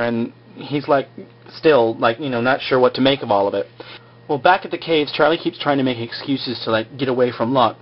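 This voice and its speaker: Man, casual recap, rambling filler-heavy talk, mid pitch, dull lo-fi audio. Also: normal speed. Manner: rambling, heavy on "like" and "you know".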